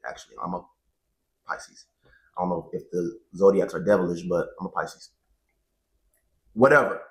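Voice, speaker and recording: A man in his twenties talking to viewers in a casual, animated testimony, repeating phrases for emphasis, into a handheld microphone. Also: medium pitch, breathy edge. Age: 20s. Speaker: vlogger.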